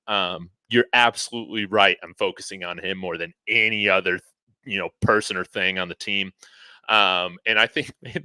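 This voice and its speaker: A man's voice: lowish voice, bright, forceful tone, no room sound. A man hosting a casual sports podcast. He is laid-back, chuckles often, and fills his talk with "man" and "you know". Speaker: podcast host.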